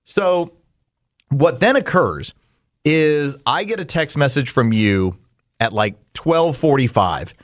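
A man hosting a comedy podcast, reading sponsor spots and recounting events step by step in a steady, methodical way. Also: mid-range voice, slow pace. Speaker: podcast host and radio host. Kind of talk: casual comedic podcast talk.

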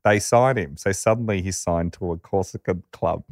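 A man's voice: low-pitched, moderate pace, no echo, studio quality. A man on a podcast telling a story in casual chat and quoting the people in it. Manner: lively storyteller, quotes characters. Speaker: podcast co-host.

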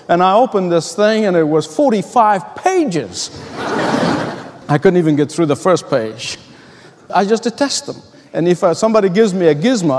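Man, pastor, earnest sermon, high voice, long reverb. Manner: earnest, emphatic, storytelling with rhetorical questions.

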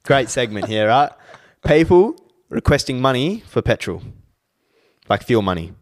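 A man's voice: mid-range voice, sing-song, a little slow. A young man, co-hosting a podcast, giving blunt, laid-back opinions and swearing often. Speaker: podcast co-host. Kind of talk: casual chat.

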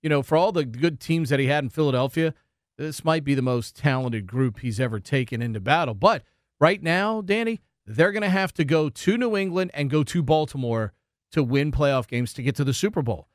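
A man's voice: on the high side, brisk, no room sound, studio quality. A man co-hosting a sports talk show, building his argument point by point with statistics. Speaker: sports radio co-host.

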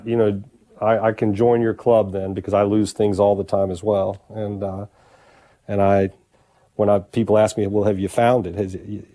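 A man who is a priest, appearing as a guest on a radio talk show, speaking in a gentle, reflective way. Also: fairly low pitch.

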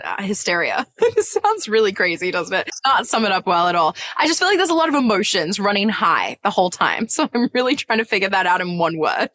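A woman in her thirties speaks in an Australian accent with an American twang, her voice bright and forceful. She chats casually as an interview guest, laughing often and tripping over fillers and restarts, and the sound is dry and close. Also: mid-range voice, no echo. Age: 30s. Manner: chatty, giggly, with many fillers and restarts. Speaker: actor guest.

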